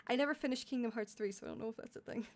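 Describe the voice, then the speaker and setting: Young adult female streamer, slightly high voice; loose, giggly, rambling live chat. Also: very fast, darkish tone. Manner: giggly, rambling, laughs often. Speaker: VTuber streamer.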